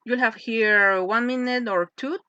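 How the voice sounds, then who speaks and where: A woman teaching an English lesson, slow and patient, often checking in with "yes?" as she explains. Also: a little high, pushed and bright, no room sound. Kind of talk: slow classroom lesson with read-aloud phrases. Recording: dull lo-fi voice recording.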